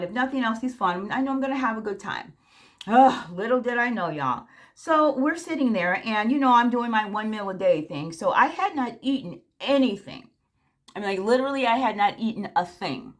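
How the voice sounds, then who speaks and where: Chatty woman telling a date story. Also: on the high side. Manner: chatty, addresses viewers directly; frank and candid. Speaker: vlogger. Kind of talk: casual storytelling to viewers.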